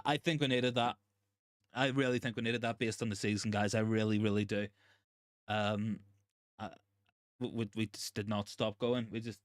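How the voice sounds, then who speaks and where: A male host giving live football watchalong commentary, excitable and shaken, stammering and repeating himself in disbelief. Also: mid-range voice, no room sound, clean studio sound. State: shaken and overwhelmed. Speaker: fan channel host.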